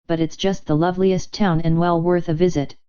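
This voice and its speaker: A woman's voice: lowish voice, level tone, a little fast, mellow, clear, resonant tone, highs cut off, lightly acted. A woman reading the part of a young woman putting on a silly, flustered act, babbling breathlessly. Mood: gushing.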